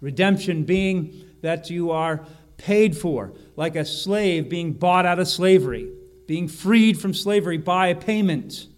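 A man preaching a sermon, slowing and rising on key phrases and often correcting himself mid-sentence. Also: high voice. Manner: emphatic, slows and rises on key phrases, frequent self-corrections. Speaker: pastor.

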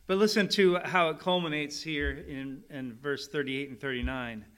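A middle-aged male pastor delivering a sermon with a bright, forceful voice pitched a little high. He talks casually with the congregation and lifts into emphatic, animated readings of scripture. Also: moderate pace, clear, resonant tone.

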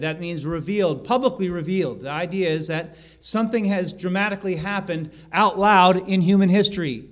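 A man preaching a sermon, slowing and rising on key phrases and often correcting himself mid-sentence. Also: high voice. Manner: emphatic, slows and rises on key phrases, frequent self-corrections. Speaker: pastor.

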